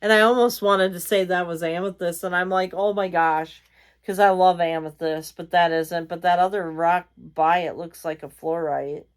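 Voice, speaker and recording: A woman's voice: fairly low pitch, steady tone, moderate pace, hardly any pauses, clean tone. A tired woman chatting casually as a vlog host, rambling with many fillers. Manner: reads out magazine lines. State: tired, yawning. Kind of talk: casual chat.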